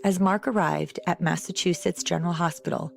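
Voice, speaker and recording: A woman hosting a podcast, giving scripted narration and asking measured interview questions. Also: lowish voice, steady tone, creaky, over music. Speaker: podcast host.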